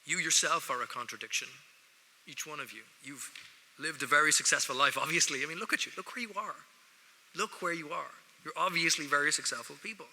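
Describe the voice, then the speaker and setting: A man's voice: fairly high pitch, a little fast, pushed and bright. An Irish man giving a joking, wry speech to students at an award ceremony, talking straight to the audience from a lectern. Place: large ceremony hall. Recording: echoey large hall.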